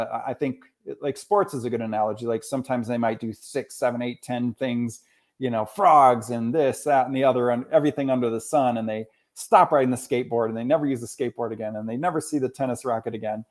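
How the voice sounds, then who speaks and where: A man's voice: mid-range voice, fairly quick. A man in his forties, a school counselor, talking casually as a podcast guest and telling stories with quoted dialogue. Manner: animated storyteller, often quotes others.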